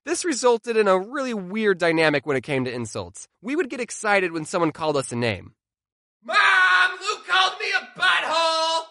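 A young man tells comedic storytime tales with sarcastic, deadpan asides. His intonation swings widely. The sound is close and dry, with no room echo. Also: high voice. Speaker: vlogger.

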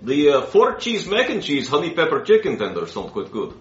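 A man voicing a pompous, greedy foreign leader who speaks in halting mock broken English. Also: a little high, huge pitch swings, faint music behind. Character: pompous foreign head of state, greedy dealmaker. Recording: muffled, roomy recording.

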